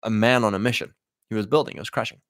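A man hosting a casual monologue to his listeners, punchy and animated, acting out the voices he quotes. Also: on the low side, rapid-fire, no room sound, studio quality. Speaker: host.

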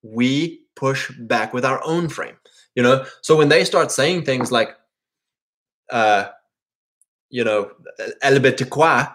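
A man in a casual, rambling monologue, full of fillers and quick asides, often acting out other people in mock voices. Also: mid-range voice, a bit bright. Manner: rambling, peppered with "like" and "right?".

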